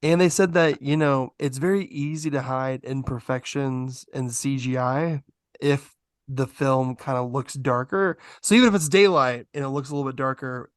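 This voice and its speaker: A man co-hosting a podcast, talking in a rambling, animated way with lots of fillers. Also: medium pitch, no echo, clean studio sound. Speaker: podcast co-host. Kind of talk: casual podcast chat.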